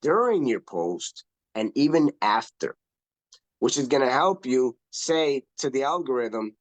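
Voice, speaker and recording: A man coaching on social media in a casual online talk, emphatic and animated, often repeating himself for effect. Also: medium pitch, measured pace, no echo. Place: online video call. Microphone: video call.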